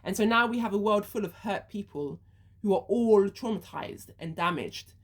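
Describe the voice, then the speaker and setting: A woman's voice: mid-range voice, animated, moderate pace. A woman speaking her views in an earnest monologue, walking through a hypothetical first-person story step by step. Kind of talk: reflective monologue.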